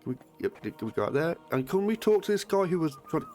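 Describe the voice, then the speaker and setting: Playful, excitable male streamer. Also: a little high, fast talker, faint music behind. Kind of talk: live gameplay commentary.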